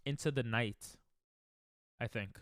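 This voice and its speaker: A man's voice: mid-range voice, slow, dry recording, clean studio sound. A man streaming a speedrun, chatting casually and joking with chat, laughing often.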